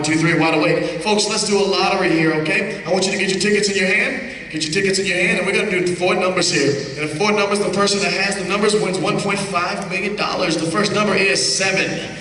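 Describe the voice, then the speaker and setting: A man's voice: high-pitched, fairly even intonation, fast, hardly any pauses, pushed and bright. A man working as a stage hypnotist, giving brash, commanding, teasing patter to volunteers in a live comedy show. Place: large hall with audience. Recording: echoey hall recorded from far off. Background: crowd noise.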